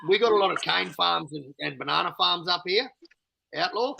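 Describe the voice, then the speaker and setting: A man's voice: high voice, animated, normal speed, gravelly, a crowd in the background, low-quality recording. An Australian man chatting casually on a live call, laid-back and calling everyone bro. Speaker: panel guest. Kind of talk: casual chat.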